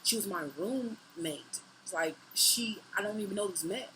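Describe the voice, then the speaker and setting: A woman's voice: mid-range voice, normal speed, fairly bright tone, slight background noise, poor audio. A woman in her twenties animatedly recounting a personal story on camera, swearing freely and acting out her own lines. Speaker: vlogger. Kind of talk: storytime monologue.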